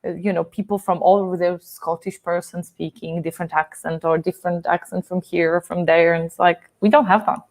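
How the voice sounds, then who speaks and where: A woman's voice: lowish voice, fairly even intonation, fairly quick, few pauses. A young woman from Poland with a Polish accent, co-hosting a casual live stream, chatty and laughing often.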